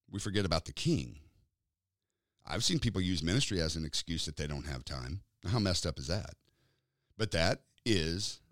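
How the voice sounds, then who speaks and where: A male pastor delivering a sermon in a lively, animated voice that climbs and falls as he tells stories. He acts out the people in them and slips in quick asides. The sound is dry and close. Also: on the low side, no echo. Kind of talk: sermon with storytelling. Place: church.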